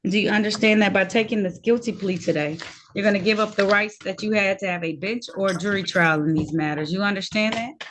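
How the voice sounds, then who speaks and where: A woman's voice: mid-range voice, brisk, a bit bright, a little hiss or hum. A woman serving as judge in a court hearing held over a video call, talking in a firm, direct and sometimes scolding way.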